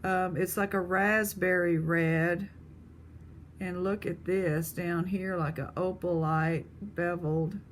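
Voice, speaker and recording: Chatty lady vlogger, kinda low voice, slow and easygoing, faint hiss behind. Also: fairly even intonation. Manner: rambling, chatty, pricing pieces as she talks. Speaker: vlogger selling jewelry. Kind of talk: casual chat.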